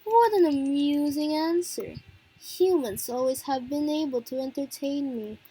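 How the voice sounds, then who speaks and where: A mocking, theatrical mystery man, as a woman reads him, smooth and taunting. He sounds high for a man, and every question comes out as a cool, teasing challenge. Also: a little slow, warm tone, slight background noise, poor audio. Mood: cold.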